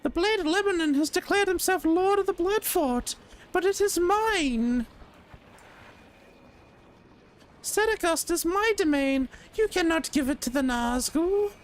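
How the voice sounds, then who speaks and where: A man voicing a shrill, high-pitched male servant of a dark lord in a strained falsetto, read aloud from a video game. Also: animated, moderate pace. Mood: indignant.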